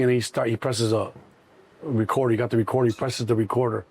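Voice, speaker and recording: A middle-aged man from Chicago, a guest in an interview, telling his story in an animated way and acting out the people in it. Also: mid-range voice, fast, slightly rough. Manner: animated, acts out cops and himself in quotes.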